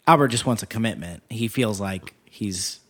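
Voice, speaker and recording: A man co-hosting a casual film discussion, relaxed, laughing as he retells scenes. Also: fairly low pitch, normal speed, breathy edge. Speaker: podcast co-host.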